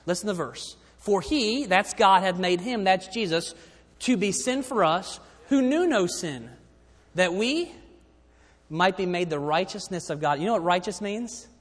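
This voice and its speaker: High-voiced preacher in a reverberant hall. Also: male voice, lively intonation, a little slow. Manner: preaching with sudden drops to quiet emphasis. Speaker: pastor. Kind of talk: sermon.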